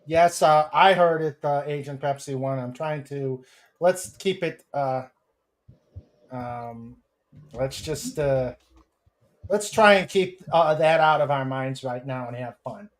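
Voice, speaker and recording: Slow-talking man hosting a livestream. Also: fairly high pitch. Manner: reads chat comments aloud, hesitant with many fillers. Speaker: host. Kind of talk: casual livestream chat.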